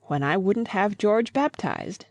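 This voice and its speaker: Woman as grieving old father, gentle, pleading, audiobook, dry close sound. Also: mid-range voice, lively intonation, slow pace, no echo. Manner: earnest, pleading. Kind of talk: audiobook reading.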